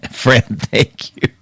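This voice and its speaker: A man's voice: medium pitch, vocal fry, fairly bright tone, husky, no echo. Chatty man hosting a dry live show. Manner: chatty, rambling, laughs often. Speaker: astrology show host. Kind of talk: casual live-stream talk.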